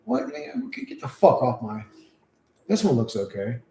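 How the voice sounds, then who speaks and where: A man streaming live, chatting loosely with lots of swearing and cooing softly to his pet. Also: mid-range voice, wildly swooping pitch, moderate pace, creaky, echoey room, low-quality recording. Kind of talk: casual live-stream chat.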